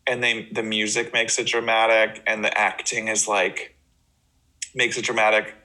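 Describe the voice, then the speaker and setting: Hyper, jokey man, bright voice. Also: fairly low pitch, level tone, normal speed, low-quality recording. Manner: jokey, hyper, goofing with silly voices and swearing. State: wired on coffee. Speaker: podcast co-host. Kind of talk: casual chat.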